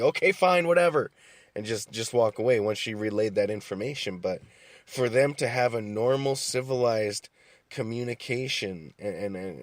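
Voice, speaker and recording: A young man telling stories in a calm, laid-back way, full of swearing and restarts. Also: fairly low pitch, no room sound. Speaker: podcast host. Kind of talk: casual monologue.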